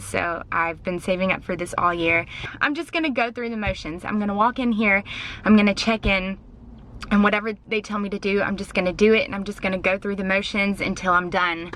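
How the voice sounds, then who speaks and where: A woman's voice: mid-range voice, a little fast, a bit bright, slight background noise. A young woman from Oregon talking to her camera in a casual personal vlog, nervous, giggly and self-conscious. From Oregon, USA. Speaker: vlogger. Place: at home and in a car.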